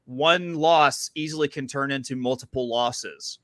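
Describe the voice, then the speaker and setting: A man's voice: mid-range voice, a little slow, a bit bright, dry recording, studio quality. A man hosting a casual sports betting chat, talking in a chatty, playful way with frequent fillers. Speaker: podcast host.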